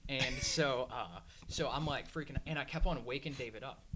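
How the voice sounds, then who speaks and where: A man's voice: medium pitch, moderate pace. A man co-hosting a comedy podcast in casual chat, telling rambling stories and laughing through them. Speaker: podcast co-host. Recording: noisy background.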